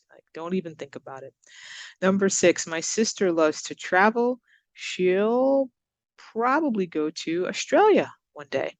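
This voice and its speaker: A woman teaching English to learners, giving example sentences and repeating words slowly with exaggerated stress. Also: lowish voice, no echo. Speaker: ESL teacher. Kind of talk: recorded English lesson.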